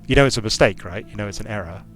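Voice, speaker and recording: A man's voice: on the low side, racing, faint music behind. A man giving casual commentary while playing a strategy game, thinking aloud with frequent restarts and repeated words. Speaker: streamer and game designer.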